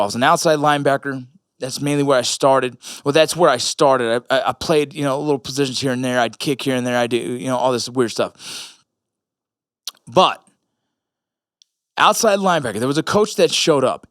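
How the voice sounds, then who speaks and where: A man's voice: mid-range voice, fairly bright tone, dry recording, clean studio sound. A man in his thirties, an army veteran and father, talking casually into the camera in a blunt, profane, rambling way. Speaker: military veteran and father sharing reflections. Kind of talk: casual vlog talk.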